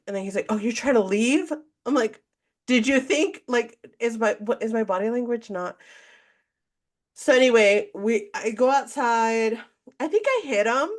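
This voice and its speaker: A woman's voice: a little high, moderate pace. A woman co-hosting a podcast, telling a candid story in casual chat and acting out what people said. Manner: candid, animated storytelling, acts out quotes. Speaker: podcast co-host.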